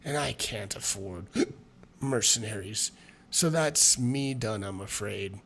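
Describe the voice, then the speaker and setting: A man's voice: lowish voice, slow pace, vocal fry, a bit bright, slight background noise, full character voice. Man doing a drunk, weepy halfling. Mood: glum, drunk. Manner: slurred, wavering accent. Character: drunk sobbing male halfling innkeeper.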